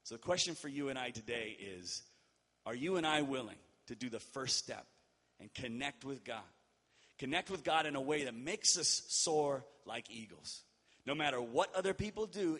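A man pastor delivers a sermon as a relaxed story, talking straight to his congregation. He often stops to check in with them. His voice rings in a reverberant church hall. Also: mid-range voice, moderate pace, slightly rough. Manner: conversational, checks in with "all right?".

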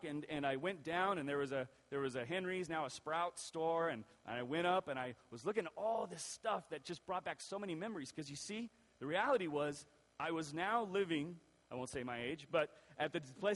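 A male pastor telling a personal story in a sermon, lively and acting out the voices of the people in it. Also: on the high side. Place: church. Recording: long reverb of a church hall.

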